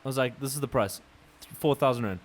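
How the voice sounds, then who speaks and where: A young man, co-hosting a podcast, telling a story in casual chat, swearing and acting out quotes loudly. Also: medium pitch, quick pace. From South Africa. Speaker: podcast co-host.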